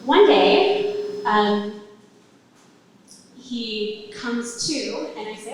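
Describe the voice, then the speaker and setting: A woman's voice: medium pitch, slow pace, pauses often, a little hiss or hum. Woman telling a story in an echoey hall. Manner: conversational, with wry asides to the audience. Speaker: storyteller at a live event. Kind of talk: personal story told on stage. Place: event venue with a live audience. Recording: very echoey room, mic at a distance.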